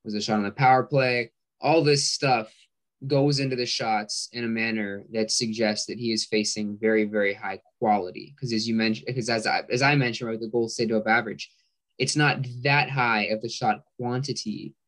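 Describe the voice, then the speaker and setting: A man guest explaining stats in a measured, casual way, often restarting his sentences. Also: mid-range voice, fairly even intonation, a bit bright.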